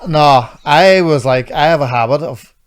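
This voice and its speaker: Sweary podcast co-host. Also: male voice, fairly high pitch, normal speed, a little hiss or hum. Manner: sweary, defensive. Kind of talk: casual banter.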